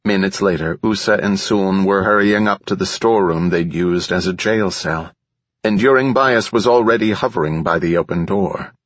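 A man narrating a science fiction audiobook in a steady, measured reading. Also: low-pitched, breathy edge, no room sound. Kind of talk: scripted narration. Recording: slightly dull lo-fi recording.

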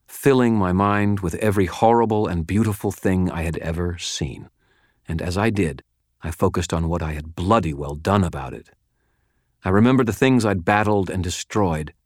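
A man reading first-person fiction aloud in a measured, steady storytelling delivery. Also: sits low, dry recording, studio quality. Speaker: audiobook narrator.

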